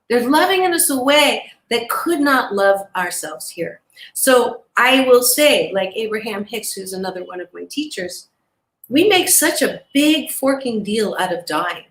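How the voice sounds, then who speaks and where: Bright, animated woman motivational speaker. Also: sits high, echoey room. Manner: animated and emphatic, laughs between points. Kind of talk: inspirational talk as interview guest.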